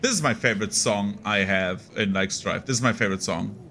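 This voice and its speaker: Bright-voiced young man chatting over gameplay. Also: lowish voice, brisk, a little hiss or hum. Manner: rambling, chatty, frequent "like" fillers. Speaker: gaming streamer. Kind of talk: casual gameplay commentary.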